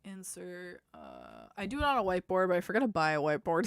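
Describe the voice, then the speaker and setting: A woman streaming game design work at her computer, thinking aloud and trailing off into quiet mutters at a desk microphone, with keyboard typing behind her. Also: fairly low pitch, huge pitch swings, brisk, vocal fry, smooth, no echo. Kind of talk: live-streamed coding and design talk. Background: keyboard typing and clicks.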